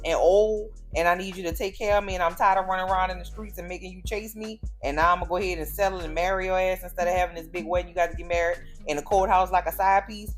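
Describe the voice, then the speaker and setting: A rude, dismissive man brushing someone off in a quick, cursing rush, voiced by a woman recapping a show. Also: on the low side, steady tone, faint music behind, lightly acted.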